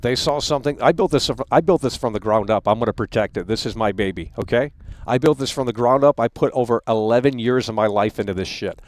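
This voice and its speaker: A man's voice: mid-range voice, fast, no echo. Angry, profane male livestream host. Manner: heated, profane, repeats and stumbles over words. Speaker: live stream host.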